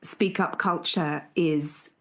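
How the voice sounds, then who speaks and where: A woman hosting an interview, asking questions in a gentle, appreciative way. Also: fairly low pitch, steady tone, takes it slowly. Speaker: podcast host. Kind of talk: casual interview.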